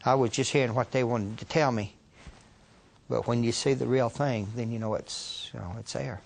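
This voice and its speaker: Gravelly man recalling with hesitation. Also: mid-range voice, fairly even intonation, moderate pace. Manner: hesitant, with many fillers. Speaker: interviewee, a relative. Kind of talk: documentary interview recollection.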